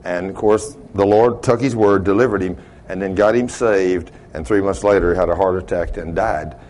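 A man preaching a sermon in a folksy storytelling way, laughing at his own stories and swinging between loud and hushed. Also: low voice, moderate pace, a little hiss or hum.

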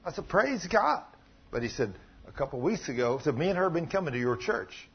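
A man preaching a sermon, telling a story and acting out the voices in it, with sudden loud bursts. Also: mid-range voice, lively intonation, fast talker, husky. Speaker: pastor. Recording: muffled lo-fi sound.

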